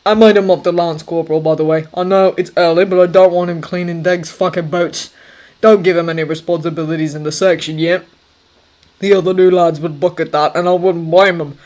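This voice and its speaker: A woman's voice: lowish voice, steady tone, fairly quick, a little mellow, lightly acted. A woman reading a story aloud, voicing a blunt, hard-drinking male master sergeant who swears constantly. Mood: gruff. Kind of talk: audiobook character voice.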